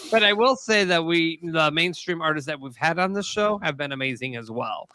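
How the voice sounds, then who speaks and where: A man's voice: fairly high pitch, animated, a little fast, sharp tone, clear, resonant tone, no echo. A man from the United States hosting a casual talk show over a video call, upbeat and thanking guests. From USA. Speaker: show host.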